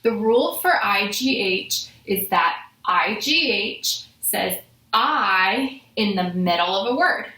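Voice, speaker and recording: A woman teaching a phonics lesson to children, sounding out letters slowly and clearly. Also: mid-range voice, expressive, sharp tone. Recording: echoey room.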